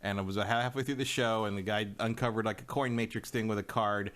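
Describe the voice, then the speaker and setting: Animated man telling stories, bright voice. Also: lowish voice, fast. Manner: animated storyteller, swears, laughs often. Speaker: podcast co-host. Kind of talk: casual chat.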